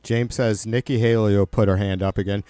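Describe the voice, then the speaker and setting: Smooth-voiced, swearing male streamer. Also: fairly low pitch, steady tone, a little fast, mellow, no echo. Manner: profane, rambling with frequent restarts. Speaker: live streamer reading chat. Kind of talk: casual political commentary stream.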